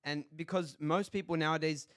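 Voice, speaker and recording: A man's voice: on the high side, steady tone, normal speed, fairly bright tone, no room sound, studio quality. A young man hosting a casual podcast, upbeat and easygoing, talking with lots of fillers. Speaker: podcast host.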